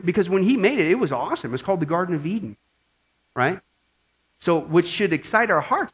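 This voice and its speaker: A man preaching a Bible study sermon, animated and asking his audience questions. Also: high-pitched, poor audio.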